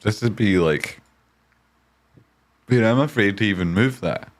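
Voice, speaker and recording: A man hosting a live trading stream, reading viewer messages aloud with excitable swearing and silly wordplay. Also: fairly low pitch, unhurried. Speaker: trading livestream host.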